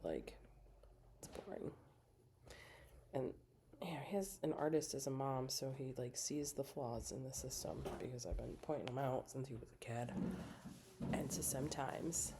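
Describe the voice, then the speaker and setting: A woman's voice: very deep voice, moderate pace, pauses often, noisy background. A middle-aged woman chatting casually during a craft livestream, telling stories and acting out quotes. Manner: chatty, storytelling with acted-out quotes. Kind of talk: casual chat while crafting.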